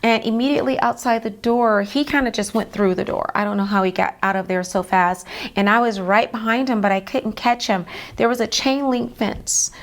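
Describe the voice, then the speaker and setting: A woman's voice: a little high, steady tone, moderate pace. A woman being interviewed as an author, earnestly retelling a personal story in vivid detail, with many fillers.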